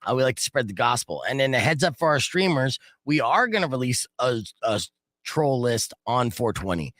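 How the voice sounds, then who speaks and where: A man hosting a radio show in a studio, animated and joking, swearing casually. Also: mid-range voice, moderate pace, dry recording. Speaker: radio host. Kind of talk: morning radio banter. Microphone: studio microphone.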